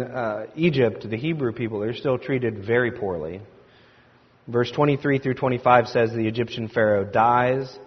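A pastor preaches a sermon, retelling a scripture story and quoting its figures with mounting energy. His mid-range voice is slightly rough, and the recording has a dull lo-fi sound in an echoey hall.

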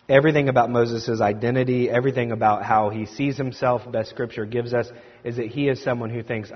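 Guy preaching a sermon, kinda husky voice, long echo, dull lo-fi sound. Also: medium pitch. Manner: storytelling, rising animated when quoting. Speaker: pastor. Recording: echoey hall, dull lo-fi sound.

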